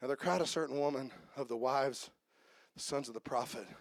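A male pastor preaching a sermon, telling stories and repeating phrases for emphasis, moving from quiet asides to fervent shouting. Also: medium pitch, a little fast, dry recording.

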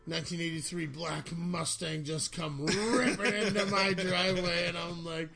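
A man's voice: high voice, fairly even intonation, normal speed, gravelly, loud music behind the voice. A man from North Dakota co-hosting a podcast, telling a rowdy story in casual chat, swearing and acting out the quotes. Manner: profane storyteller, acts out quotes. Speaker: podcast co-host.

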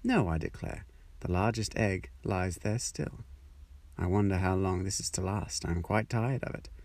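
A man's voice: low voice, normal speed, a little mellow, no echo. A man voicing a fussy, proud mother duck in a storybook reading, anxious and doting. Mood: chatty.

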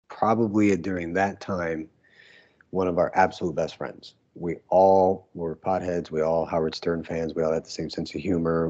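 Low dark husky guy telling old stories, laughs a lot, kinda muffled audio. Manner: laid-back storyteller, laughs often. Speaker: former pro wrestler guest. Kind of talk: casual interview recollection.

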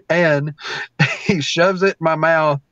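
A man, a pro wrestler guest, telling a story in a loose, animated way, laughing often and acting out the lines of the people in it. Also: a little high, breathy edge, no echo. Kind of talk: casual storytelling.

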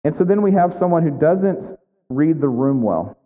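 A man's voice: a little high, animated, normal speed. A man preaching a sermon in a conversational way, often checking in with "right?" as he explains scripture. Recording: tinny phone-like sound with long hall reverb.

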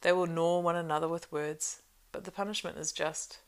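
A woman's voice: on the low side, fairly even intonation, lightly acted. Woman reading as a stern old wizard. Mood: calm. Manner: grave, measured authority.

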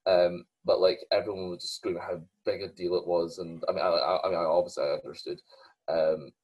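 Young Scottish male co-host, husky lowish voice, halting casual delivery with lots of ums. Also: fairly even intonation, dull audio. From Scotland. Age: young adult. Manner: hesitant, many fillers and restarts. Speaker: podcast co-host. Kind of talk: casual chat.

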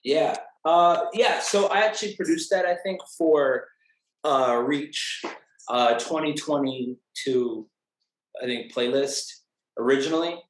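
A man's voice: fairly high pitch, slow, a little hiss or hum. A man talks in a casual interview, a music producer describing how his songs came together. He is upbeat and chatty, often stopping on "uh" and "um", and his voice rings in a roomy, echoing space. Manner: upbeat, chatty, with hesitant "uh" and "um" restarts. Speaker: music producer and artist interviewed about an album. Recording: echoey room.

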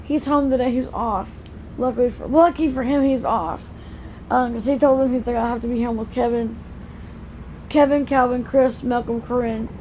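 Woman vlogger, rambling and chatty, slightly high voice, faint road noise behind. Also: fairly even intonation, moderate pace, mellow, low-quality recording. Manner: rambling, chatty, talking to camera. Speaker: vlogger, mother. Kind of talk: casual daily vlog.

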